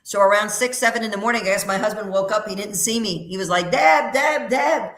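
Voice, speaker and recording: A woman's voice: medium pitch, steady tone, fast talker, a bit bright, echoey room. A middle-aged woman working as a psychic medium on a call-in radio show, talking in a chatty, emphatic way and repeating her phrases. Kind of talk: casual radio call-in readings.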